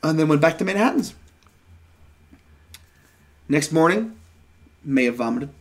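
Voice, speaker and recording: A man's voice: a little high, animated, unhurried. A young man telling a rambling, profane story on a casual podcast. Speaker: podcast co-host.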